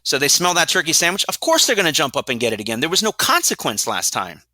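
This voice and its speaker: A middle-aged man, a dog trainer and guest, explaining training in an energetic, blunt way with rhetorical questions. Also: a little high, quick pace, dry recording. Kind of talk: explanatory interview talk.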